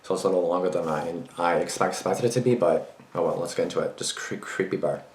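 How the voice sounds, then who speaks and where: A man's voice: low voice, fast. A man hosting a reaction video, talking back to a story in short casual remarks. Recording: echoey room with clear noise.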